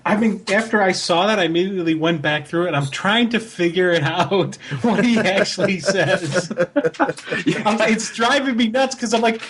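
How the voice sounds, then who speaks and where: A man's voice: high-pitched, moderate pace, fairly bright tone, husky. A man co-hosting a comics podcast, chatting casually and mocking himself playfully. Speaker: podcast co-host.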